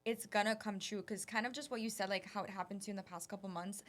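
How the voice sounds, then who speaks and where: A woman co-hosting a casual podcast chat, encouraging and animated in her talk. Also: medium pitch, fast.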